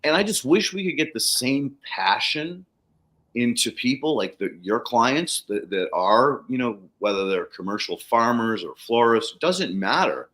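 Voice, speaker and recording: A man at a middle pitch, co-hosting a relaxed livestream chat. He talks in a candid, rambling way, restarts his thoughts often and swears casually. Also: measured pace. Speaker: podcast co-host.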